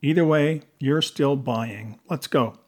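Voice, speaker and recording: Brief: playful teasing young woman detective, husky tone, voiced by a male narrator. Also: medium pitch, slow, darkish tone.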